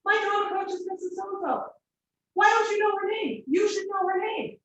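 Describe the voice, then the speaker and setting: A woman's voice: very high voice, moderate pace, far from the mic, muffled recording, a little hiss or hum, voice pushed up. A woman lecturer voicing an indignant teenage girl who is exasperated and insistent. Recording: echoey room.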